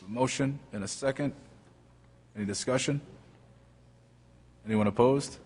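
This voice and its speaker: A man chairing a town council meeting, calling motions and votes in a brisk, procedural way. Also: medium pitch, a little mellow, slightly rough. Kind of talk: running a meeting. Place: council chamber. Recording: reverberant council chamber.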